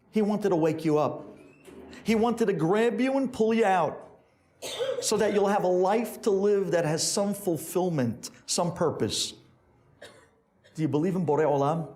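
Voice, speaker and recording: Rabbi guy telling a story, high voice that jumps all over, does all the characters. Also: darkish tone. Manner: acts out characters with big pitch swings. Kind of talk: storytelling sermon.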